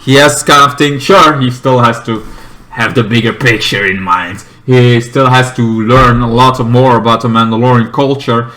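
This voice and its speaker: Male reviewer, casual and rambling, bright forceful tone, lots of filler words. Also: medium pitch, fairly even intonation, normal speed. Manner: rambling, many fillers and restarts, bursts into shouted character quotes. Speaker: TV show reviewer. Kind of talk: casual spoken review with acted-out quotes.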